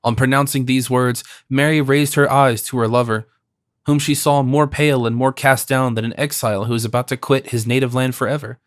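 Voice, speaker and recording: A man's voice: mid-range voice, dry recording. Man narrating a classic novel, dry studio sound. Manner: measured, expressive reading. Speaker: audiobook narrator.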